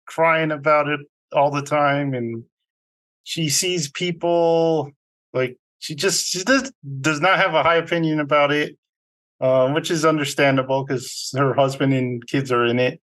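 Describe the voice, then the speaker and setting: A man's voice: on the high side, fairly bright tone. A man co-hosting a movie review podcast, recapping the plot in a rambling, casual way with frequent fillers. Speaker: podcast co-host.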